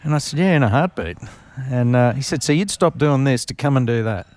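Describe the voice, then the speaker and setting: A man's voice: mid-range voice, lively intonation, fairly quick, a little mellow. A man, a former racing driver, telling long anecdotes as a podcast guest, with many fillers and restarts. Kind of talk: casual storytelling interview.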